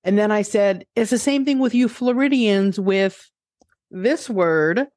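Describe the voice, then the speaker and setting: A woman with a New York accent hosting a casual chat over a headset, telling lively stories and laughing often. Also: mid-range voice, measured pace, no room sound, studio quality. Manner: animated storyteller, laughs often. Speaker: podcast host.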